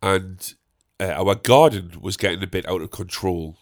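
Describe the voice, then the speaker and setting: A man's voice: sits low, moderate pace. A young man rambling through a comic story, self-mocking and swearing often. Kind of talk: casual comic anecdote.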